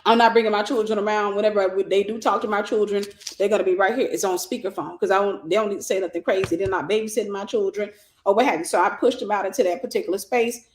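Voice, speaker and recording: Woman, ministry teacher, casual preaching tone, mid-pitched voice, echoey room. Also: fairly even intonation, quick pace, a little hiss or hum. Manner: conversational preacher's teaching, thinks aloud and restarts, quotes scripture. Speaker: ministry host and mentor. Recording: roomy echo.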